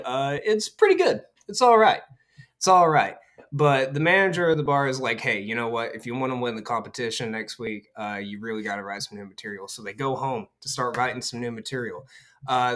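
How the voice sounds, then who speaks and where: Casting: podcast host, man, mid-pitched, loose rambling plot recap with offhand character voices. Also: a bit bright. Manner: rambling, lots of fillers, quotes characters in quick voices. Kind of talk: casual movie recap.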